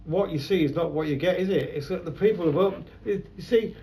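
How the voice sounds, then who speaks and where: Rambling older man, bit high. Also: quick pace, dark tone, low-quality recording. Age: 70s. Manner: rambling anecdotal storyteller. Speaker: photographer. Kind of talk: conversational interview.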